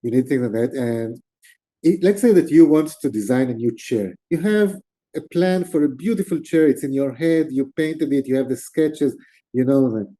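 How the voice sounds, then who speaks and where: Dark-voiced man telling a story. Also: medium pitch, moderate pace. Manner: animated, gestures with hands while talking. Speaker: interview guest. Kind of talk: storytelling in conversation.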